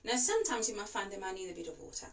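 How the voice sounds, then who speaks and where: Calm woman coaching breathing, a bit distant. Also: medium pitch, racing, vocal fry. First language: not English. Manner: calm, reassuring, demonstrates breaths. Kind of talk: instructional talk to camera.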